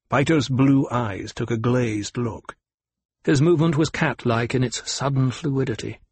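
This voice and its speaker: A man narrating an audiobook in an unhurried, even storytelling manner. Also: medium pitch, breathy edge, no echo. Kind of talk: scripted narration.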